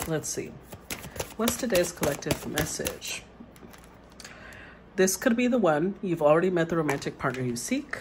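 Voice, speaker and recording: A woman's voice: sits low, lively intonation, moderate pace, pauses often, background noise. A woman tarot reader who reads the card meanings aloud and then muses over them in a casual way.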